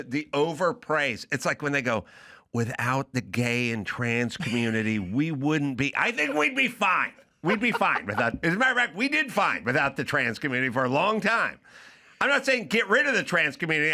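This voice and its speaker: A man's voice: fairly high pitch, bright, forceful tone. A man hosting a comedic podcast, talking casually in a sarcastic, profane way and acting out imagined dialogue in a studio. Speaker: podcast host.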